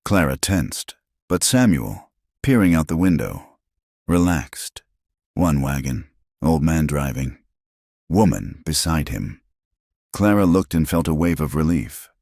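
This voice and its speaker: A man narrating a western story in a steady, scripted storybook style. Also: extremely low pitch, a little slow, no echo, clean studio sound.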